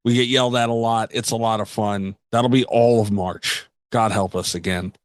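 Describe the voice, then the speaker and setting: A man hosting a podcast in casual banter, animated and teasing, quick to laugh. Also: fairly low pitch, no room sound, clean studio sound. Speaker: podcast host.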